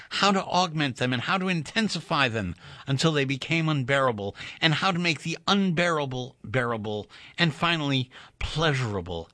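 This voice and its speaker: A man narrating a story in an expressive, wry, measured reading. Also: a little high, no echo.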